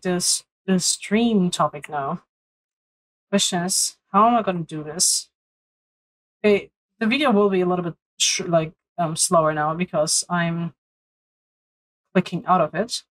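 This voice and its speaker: Slow-talking bubbly young woman streamer. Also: fairly low pitch, poor audio. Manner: bubbly, chatty, talks to viewers. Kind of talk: live-stream gaming chat.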